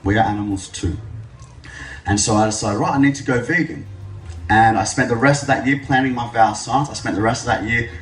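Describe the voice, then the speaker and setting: A man's voice: mid-range voice, a little fast. Man speaking in an echoey hall. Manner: animated storytelling with jokes. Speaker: speaker at an event. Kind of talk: public speech. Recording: echoey hall, mic from a distance.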